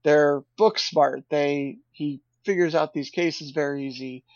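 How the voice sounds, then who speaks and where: A man with a somewhat high, gravelly voice chats in a relaxed way as a podcast co-host. His mic sounds dull and lo-fi, with a dry, close sound. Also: unhurried, dry recording. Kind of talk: casual chat.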